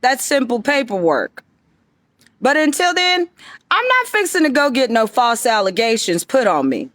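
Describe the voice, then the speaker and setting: A woman's voice: a little high, sing-song, moderate pace, fairly bright tone, no room sound. A woman giving an emphatic, confrontational monologue straight to her viewers. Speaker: vlogger addressing viewers. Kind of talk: direct-to-camera monologue.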